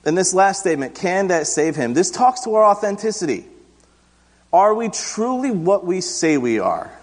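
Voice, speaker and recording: A man in his thirties preaching in a church, his voice sitting a touch high. He talks with the congregation, asks them questions and jokes at his own expense. A long reverb tail from the sanctuary hangs after his words. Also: sing-song, normal speed. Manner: conversational, self-deprecating humor, asks the room questions. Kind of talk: interactive sermon.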